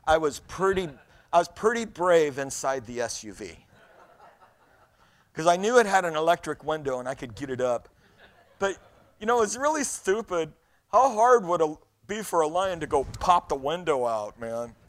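A middle-aged man preaching a sermon, reading scripture aloud and telling stories in an animated way, often repeating his words. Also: on the high side, moderate pace. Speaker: pastor.

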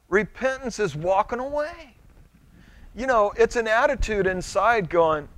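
A man's voice: high voice, animated, slow, a bit bright, no room sound. A middle-aged male pastor preaching a sermon in a conversational way, stumbling over restarts and acting out little quotes.

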